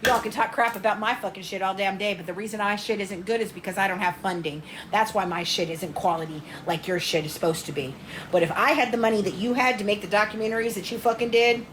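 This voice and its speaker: A woman with a medium-pitched voice rants with heavy profanity on a home livestream, with a little hiss or hum in the audio. Scattered and talking to viewers, she moves around her kitchen and calls out to people in the house.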